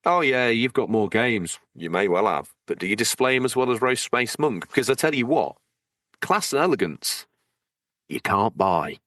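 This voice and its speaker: Male podcast co-host, bright lowish voice, dry sound; playful, teasing, digressive. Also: animated, moderate pace, no echo. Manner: playful, teasing, rambling with jokey asides. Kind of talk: casual banter, reading out supporter thanks.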